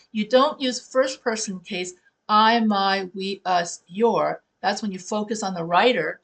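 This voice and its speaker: A woman's voice: mid-range voice, vocal fry. A woman who teaches writing, talking her students through tips in a conversational way and correcting herself as she goes. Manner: conversational, restarts and self-corrections. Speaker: writing professor. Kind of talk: classroom teaching talk.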